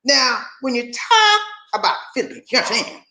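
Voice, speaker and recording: A man's voice: extremely high pitch, very animated, normal speed, creaky, sharp tone, reverberant. An older man hosting a motivational live stream, talking in a preachy, rallying way that repeats phrases to draw his listeners in. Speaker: channel host.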